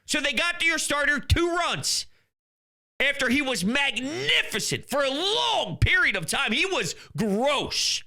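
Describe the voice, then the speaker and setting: A man ranting in a sports commentary vlog, exasperated and insulting critics, swinging between loud outbursts and low muttering. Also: sing-song, measured pace, gravelly.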